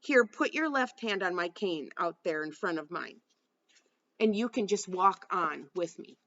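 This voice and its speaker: A woman reading the lines of a blind teenage girl who talks in a chatty, matter-of-fact, gently bossy way, in a dull lo-fi recording. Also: lowish voice, animated, unhurried. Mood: caring.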